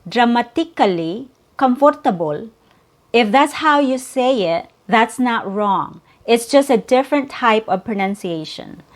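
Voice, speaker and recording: Slow, careful woman teaching pronunciation. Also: fairly high pitch. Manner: slow, careful, repeats words for drilling. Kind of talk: pronunciation lesson.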